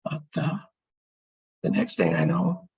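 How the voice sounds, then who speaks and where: Male speaker, rough gravelly rasp, halting emotional testimony, muffled sound. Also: on the high side, big pitch swings, a little mellow. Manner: halting, emotional, with pauses and restarts. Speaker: speaker telling his near-death story.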